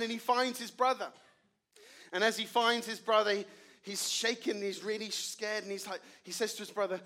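A man, a pastor preaching a sermon and telling a story, earnest, with dramatic drops to quiet. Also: high voice, brisk.

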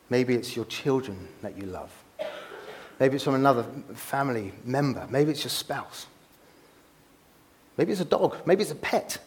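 A man's voice: mid-range voice, a little mellow, a little hiss or hum. A man giving an informal sermon to a room of listeners, chatty and self-deprecating, often laughing at himself. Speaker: preacher. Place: room with an audience.

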